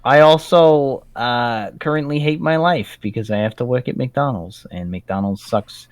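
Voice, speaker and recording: A man's voice: medium pitch, measured pace. A young man about to go back to school, chatting in a joking way with many fillers. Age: young adult. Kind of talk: casual chat.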